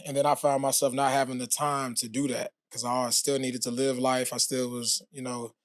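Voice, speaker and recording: Relaxed man telling his story, dry sound. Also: medium pitch, fairly quick, dry recording. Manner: relaxed storytelling with frequent fillers. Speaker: podcast guest, former pro football player. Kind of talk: casual interview talk.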